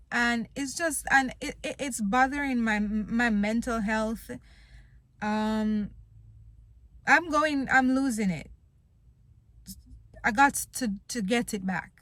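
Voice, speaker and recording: Frustrated bright-voiced woman venting. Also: fairly high pitch, slow, long pauses, no echo. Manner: frustrated, blunt, swears a lot. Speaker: vlogger. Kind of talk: venting to camera.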